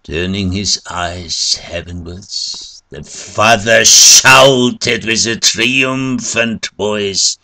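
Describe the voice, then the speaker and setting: A man reading a story aloud in measured, scripted narration. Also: lowish voice, pushed and bright, no echo. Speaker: reader.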